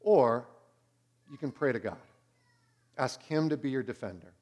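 A pastor in his thirties preaching a sermon, swinging between loud and hushed. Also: medium pitch, expressive, a little slow.

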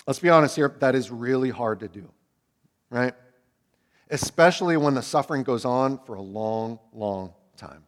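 A man in his thirties preaching a sermon as a pastor, swinging from loud emphatic peaks to hushed low asides.

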